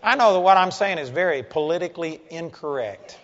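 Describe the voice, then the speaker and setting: Male preacher, high-pitched, plain-spoken and joking, dull lo-fi sound. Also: animated, fairly quick, hardly any pauses, a bit bright. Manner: folksy, blunt and joking. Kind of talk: sermon. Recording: dull lo-fi sound with long hall reverb.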